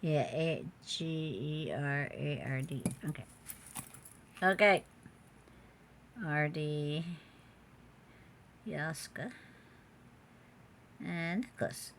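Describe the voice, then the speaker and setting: Speaking slowly with frequent pauses, this woman has a low-sitting voice and a faint hiss or hum in the background. An online jewelry seller, she vlogs casually from a home room with its door open, chatty, muttering to herself, and full of exclamations.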